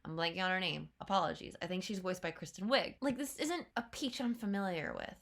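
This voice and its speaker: A young woman chatting casually as she reacts to a trailer, laughing often and slipping into quick playful voices. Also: on the low side, fairly bright tone.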